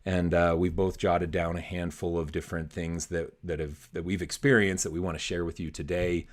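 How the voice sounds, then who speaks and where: A man's voice: sits low, level tone, moderate pace. A middle-aged man co-hosting a business podcast in an upbeat, joking way, laughing often. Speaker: podcast co-host. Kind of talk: casual business podcast chat.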